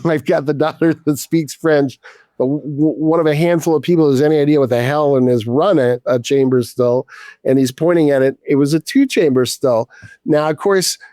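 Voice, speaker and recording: A man's voice: fairly high pitch, darkish tone, no room sound, clean studio sound. A man in his fifties, a distiller guest, telling a casual story with a rambling flow, many restarts and casual swearing.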